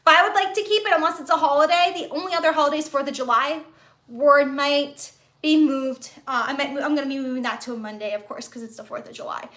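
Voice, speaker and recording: A woman's voice: sits high, steady tone, quick pace, a bit bright. A woman hosting a casual live stream from a phone on a tripod, rambling and reading out viewer comments as she goes. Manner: chatty, rambling, reads viewer comments aloud.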